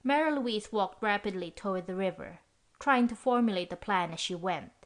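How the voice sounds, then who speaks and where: Audiobook narrator: woman, mid-pitched, steady storytelling read of a girls' mystery. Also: normal speed. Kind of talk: scripted narration.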